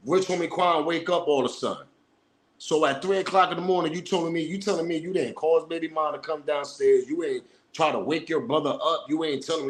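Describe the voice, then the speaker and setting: A man, riffing through hip-hop news commentary. He talks in a loose, animated, rambling way, full of profane street slang, and he keeps acting out what people would say. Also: a little high, brisk, slight background noise. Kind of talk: casual commentary.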